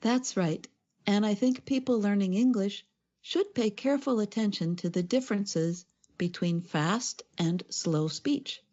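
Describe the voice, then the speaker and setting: Lady co-hosting an english lesson podcast, mellow warm voice, kinda dull sound. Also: mid-range voice, unhurried. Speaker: co-host. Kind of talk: scripted educational podcast.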